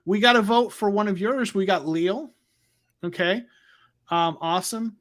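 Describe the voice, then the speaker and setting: A man's voice: sits high, unhurried, fairly bright tone. A man hosting a casual livestream, rambling with fillers and restarts as he goes. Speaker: livestream host. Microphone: new microphone.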